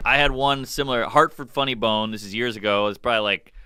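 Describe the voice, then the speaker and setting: A man on a podcast telling stand-up stories in a deadpan way, acting out other people in quoted voices. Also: medium pitch, quick pace, clear, resonant tone, dry recording, clean studio sound. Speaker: stand-up comedian guest.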